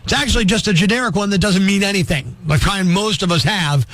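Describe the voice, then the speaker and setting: A male radio morning show host doing comedic talk, ranting in an animated, exasperated way with sarcastic asides, in a studio. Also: high voice, fast talker, no echo.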